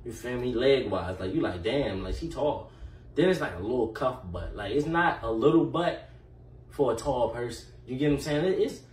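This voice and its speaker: A man telling a casual storytime in an animated, slangy way full of fillers and profanity. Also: mid-range voice, normal speed. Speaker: storyteller vlogger. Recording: echoey room, mic at a distance, faint noise.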